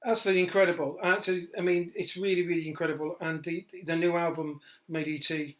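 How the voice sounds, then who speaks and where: Fast, enthusiastic male show host. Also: fairly high pitch, little pitch movement. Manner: enthusiastic, heavy on superlatives. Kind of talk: casual live show hosting.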